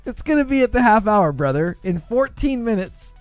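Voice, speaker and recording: A man's voice: high-pitched, big pitch swings, moderate pace, dry recording, faint music behind. A man hosting a gaming livestream in a casual, chatty way, laughing often and talking to his viewers. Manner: laughs often, talks to chat.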